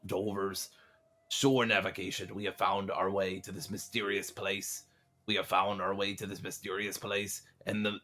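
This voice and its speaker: A man in a put-on pirate accent voicing a solemn old-time pirate captain as he reads journal entries aloud in a low, formal way. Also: bright, forceful tone. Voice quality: low, measured and grandly formal.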